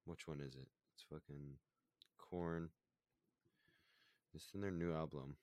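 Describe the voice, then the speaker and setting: A man co-hosting a casual podcast chat in a flat, monotone, laid-back way with dry humor. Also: extremely low pitch, slow, no room sound. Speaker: podcast co-host.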